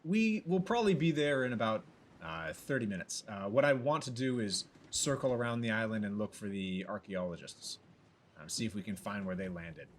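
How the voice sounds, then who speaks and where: A man voicing a calm, practical ship captain. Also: fairly low pitch, normal speed, a little hiss or hum, close to an everyday voice. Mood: musing.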